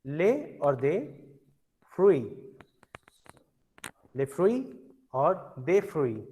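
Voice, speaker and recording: This French vocabulary teacher has a higher male voice and sounds very animated, yet he still moves slowly, repeating every word patiently for drilling. The recording's highs are cut off.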